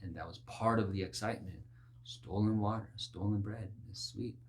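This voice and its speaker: A man preaching a sermon in an animated way, dropping to low murmurs and rising to high, insistent exclamations, with mocking asides. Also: normal speed. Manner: mocking, acts out worldly voices.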